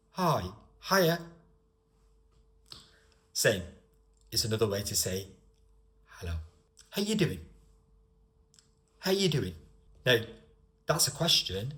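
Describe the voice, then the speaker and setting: A man with a mid-range voice teaches English to learners, pausing to explain each phrase. He keeps switching into different regional voices to show how each greeting sounds. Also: medium pitch. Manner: slow, clear explanations to learners. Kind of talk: recorded language lesson.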